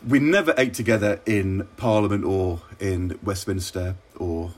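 Husky-voiced middle-aged English man. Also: low-pitched, a little mellow. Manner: measured, reflective, wry. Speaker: former government minister. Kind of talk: relaxed interview anecdotes.

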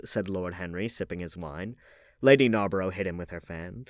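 A man reading a classic novel aloud in a calm narrating tone. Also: low-pitched, brisk, no echo, clean studio sound. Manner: calm, even narrating tone between dialogue. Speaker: audiobook reader. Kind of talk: audiobook narration.

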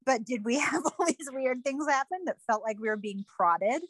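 A woman's voice: high voice, lively intonation, normal speed, no room sound. Wry, musing woman guest in dry sound. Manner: wry, musing, loose talk full of fillers. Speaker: podcast guest. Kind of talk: casual chat.

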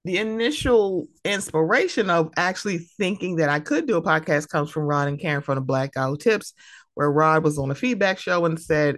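Woman podcast host, low voice, dry sound. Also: normal speed, no room sound. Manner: animated, laughing, emotional, mimics friends' voices. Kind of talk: casual solo podcast talk.

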